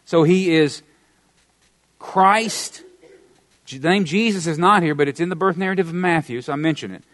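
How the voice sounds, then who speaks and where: A middle-aged man with a Southern American accent preaching a sermon, emphatic, with wide swings in pitch and volume and some folksy humor. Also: moderate pace, fairly bright tone. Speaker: pastor.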